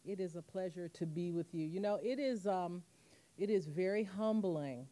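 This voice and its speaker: Woman in her fifties, guest speaker, lively storytelling, low-ish voice, speaking at a podium mic. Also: moderate pace. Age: 50s. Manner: animated storytelling, acting out quotes. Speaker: guest speaker, museum president. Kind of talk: commemorative speech. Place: university auditorium.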